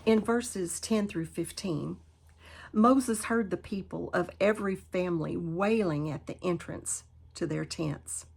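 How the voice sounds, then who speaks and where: A woman teaching a Bible study lesson, reading scripture aloud and then paraphrasing it with animated emphasis. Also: on the low side, unhurried, creaky, slightly rough.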